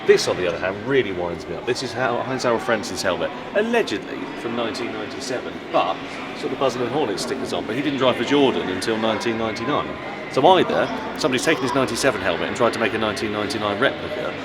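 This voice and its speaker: A man's voice: fairly low pitch, expressive, fast, distant mic. Chatty British man vlogging outdoors. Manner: chatty, opinionated, blokey. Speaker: motoring vlogger host. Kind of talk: casual vlog chat. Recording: background noise outdoors.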